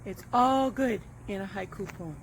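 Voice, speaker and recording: A woman's voice: medium pitch, moderate pace, slight background noise. A woman teaching a poetry class, explaining step by step and checking in with the listener as she goes. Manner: friendly explaining, checks in with "right?". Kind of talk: online class lesson.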